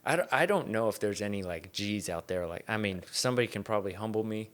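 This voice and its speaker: A man's voice: fairly low pitch, animated, quick pace. A young man hosting a podcast, chatting casually in a rambling, laid-back way with frequent swearing and laughter. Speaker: podcast host. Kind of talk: casual chat.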